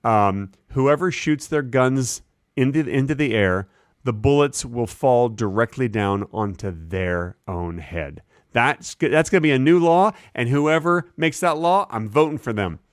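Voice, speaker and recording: A man co-hosting a comedy podcast, rambling deadpan through absurd bits and silly voices. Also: mid-range voice, unhurried, no room sound, clean studio sound. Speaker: podcast co-host.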